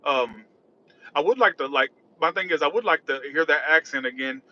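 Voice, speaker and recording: A man's voice: a little high, animated, moderate pace, bright, forceful tone, dull audio, a little hiss or hum. A man chatting casually on a livestream while driving, rambling and reacting to chat. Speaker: tarot reader livestreaming. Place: in a car driving.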